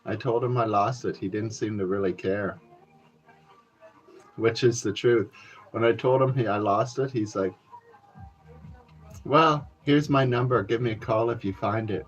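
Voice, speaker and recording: A rambling man from Canada talks straight to his viewers, swearing freely and calling them folks between his fillers. His voice sits at an ordinary pitch, and the recording sounds dull and lo-fi. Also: unhurried, long pauses. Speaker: vlogger. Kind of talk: rambling casual monologue to viewers.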